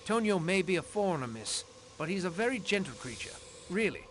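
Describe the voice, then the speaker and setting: Jittery manservant in a game, high voice that jumps all over. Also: male voice, sing-song, fairly bright tone, slight background noise. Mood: flustered. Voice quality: fretful, halting. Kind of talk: video game dialogue.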